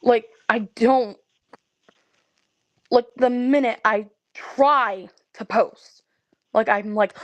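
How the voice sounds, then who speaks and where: A woman in her twenties venting to viewers in a casual way, tired and stressed, halting and stammering as she restarts her sentences. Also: fairly high pitch, fairly even intonation, no echo, lo-fi sound. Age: 20s. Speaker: content creator.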